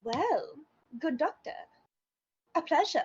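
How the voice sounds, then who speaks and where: A haughty aristocratic lady speaks in prim, formal and condescending tones, as a woman acts her out. Her voice is high and moves widely. The stream audio is slightly muffled. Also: expressive, takes it slowly. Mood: gracious. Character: haughty, pious aristocratic older lady host.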